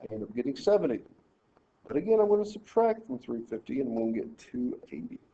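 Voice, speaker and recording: A man in a recorded math lesson works each problem aloud step by step and tells his students how to set out their work. His voice is mellow and dark-toned. The audio is dull and lo-fi, like a screencast mic. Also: mid-range voice, very animated, fast, a little hiss or hum. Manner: talks through problems step by step, directing students. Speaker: math teacher.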